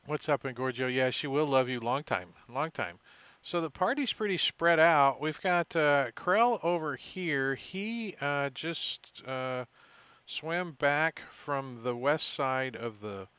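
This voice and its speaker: A man running a tabletop game as game master, recapping the session in a halting way with many fillers and self-corrections. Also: a little high, animated, bright, forceful tone, clear, resonant tone, dry recording, lo-fi sound.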